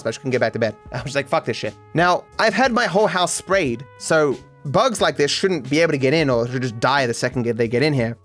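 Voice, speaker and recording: A man hosting a solo podcast, rambling casually with lots of swearing and restarts. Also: medium pitch. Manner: animated, swearing, frequent restarts. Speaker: podcast host.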